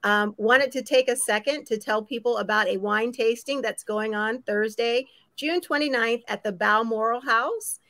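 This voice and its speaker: A woman's voice: fairly high pitch, normal speed, few pauses, sharp tone, no echo. A woman co-hosting a casual talk show, chatty and upbeat. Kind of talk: casual chat.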